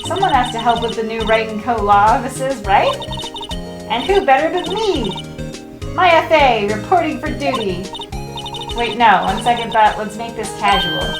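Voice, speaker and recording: A woman voicing a perky, excitable young female assistant in a game reading, in an echoey room with loud music behind. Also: a little high, moderate pace, recorded from a distance, natural voice. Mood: excited. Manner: excitable, calls out.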